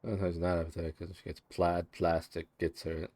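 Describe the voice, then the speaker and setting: A man bantering with a friend over a call during a game stream. His voice is very deep and the sound is dry, with no room around it. His humor is dry, teasing and low-key. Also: level tone, brisk, a little mellow, no echo. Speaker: co-player on a call. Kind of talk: casual gaming banter.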